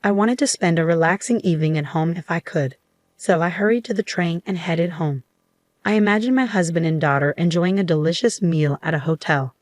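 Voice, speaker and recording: A woman telling a first-person story in an even, measured way. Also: lowish voice, dry recording.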